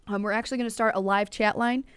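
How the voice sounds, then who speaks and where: A woman's voice: mid-range voice, steady tone, quick pace, fairly bright tone, clean tone. A young woman hosting a casual web show, chatting in a bubbly, gushing way with plenty of ums. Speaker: show host. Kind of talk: casual chat.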